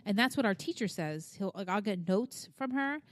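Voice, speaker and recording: A woman's voice: medium pitch, lively intonation, normal speed, no echo. A woman in her thirties co-hosting a podcast, chatting casually in a frank, rambling way, swearing freely. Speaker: podcast co-host. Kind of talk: casual chat.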